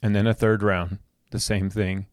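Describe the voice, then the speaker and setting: On his own podcast, a man in his thirties shares a personal story in a low, earnest, heartfelt voice, at a moderate pace with little pitch movement. He stumbles and restarts, repeating words as he goes. The recording is dry and close, with no room echo.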